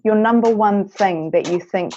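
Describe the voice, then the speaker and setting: A woman's voice: mid-range voice, moderate pace, dark tone, highs cut off, slight background noise. A woman hosting an interview podcast, affirming and encouraging her guest as she asks questions and wraps up. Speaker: podcast host.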